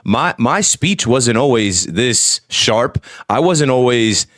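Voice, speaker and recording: A man's voice: mid-range voice, lively intonation, slow pace, a bit bright, dry recording, studio quality. Man, ex-radio host as podcast guest; articulate, emphatic, mid-range voice. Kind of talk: casual podcast chat.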